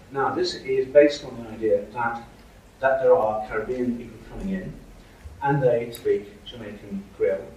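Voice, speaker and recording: A man with a mid-range, slightly mellow voice gives a university lecture, hesitating with frequent fillers and restarts. It's recorded from far off in an echoey lecture hall.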